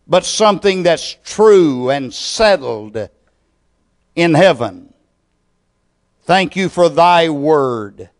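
Brief: male pastor, fairly high voice, unhurried measured sermon and prayer. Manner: slow, deliberate preaching with measured pauses.

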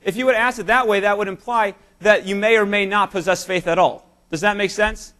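A man's voice: high-pitched, steady tone, fairly quick, bright, forceful tone. A man preaching a sermon in church, speaking emphatically and telling stories to his congregation. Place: church service.

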